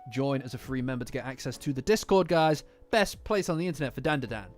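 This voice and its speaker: British guy in his twenties, bouncy lively pitch, casual streamer chat over soft lofi music. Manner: animated, swearing, acting out characters in quick asides. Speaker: manga reaction streamer. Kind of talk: casual chat reading live comments.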